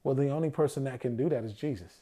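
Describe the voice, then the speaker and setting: Speaking fast in a warm, mid-range voice, this man preaches a sermon in a conversational style. He keeps raising rhetorical questions only to answer them, and he imitates the voices of anyone he quotes.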